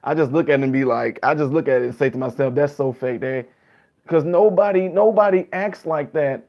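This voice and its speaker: A man's voice: fairly high pitch, fairly quick, muffled recording. A man talking casually to his viewers in a reaction vlog, loose and chatty, calling them guys and y'all. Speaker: vlogger and musician.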